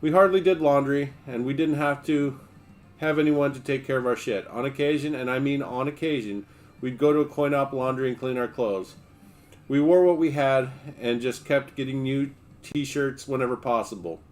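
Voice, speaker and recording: Hosting a livestream, a man reads a memoir aloud in a steady, relaxed first-person voice that sits in the mid range at normal speed.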